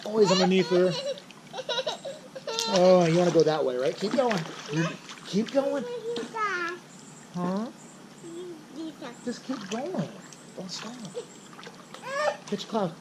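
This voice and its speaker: In a pool, a swim instructor and parent gives his young child a live lesson, cheering, counting and calling out playful coaching cues in a sing-song way. His voice is a little high, at normal speed with long pauses. Loud splashing water is heard throughout.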